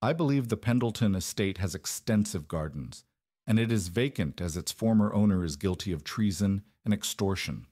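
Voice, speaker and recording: A man voicing a tired, ruthless emperor who speaks quietly and with exhaustion in a storybook reading. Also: fairly low pitch, lively intonation, normal speed, dry recording, clean studio sound. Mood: weary. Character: weary, ruthless male emperor.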